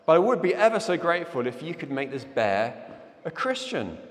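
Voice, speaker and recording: A man's voice: a little high, very animated, brisk, in a large hall. A man voicing a frightened atheist man who politely and apologetically pleads for help. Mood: pleading.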